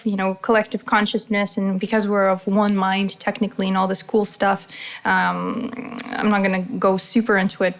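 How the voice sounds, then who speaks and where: A woman with a slightly high voice hosts her own podcast in a loose, motivational monologue. She talks with lots of energy and swears freely. She keeps slipping into quick acted-out voices of an anxious inner self. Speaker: podcast host.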